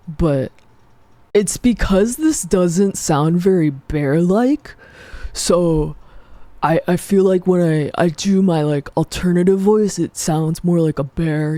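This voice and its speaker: A woman streamer putting on a deeper, calmer voice in casual live stream chat, talking slowly and hesitantly and trailing off. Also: no echo. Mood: earnest. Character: deeper-voiced young woman, calm and low.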